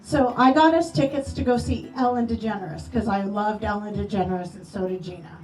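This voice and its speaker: A woman speaking at normal speed in a mid-range voice shares stories at a memorial gathering hall as part of a eulogy. Her storytelling is animated, with playful voices for quoted people, and the recording is roomy and echoey, far from the mic, with soft music behind.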